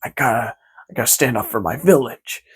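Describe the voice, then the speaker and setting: A man's voice: mid-range voice, fairly quick, breathy edge. A man voicing a defiant young woman from a cartoon, standing up to a villain in his own plain voice.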